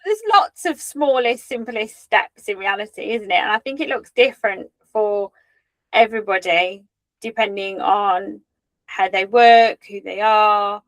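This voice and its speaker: A woman's voice: medium pitch, measured pace, no echo, rough recording. A woman co-hosting a casual chat, supportive and agreeable, summing up points. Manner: supportive, frequent short agreements. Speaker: podcast co-host.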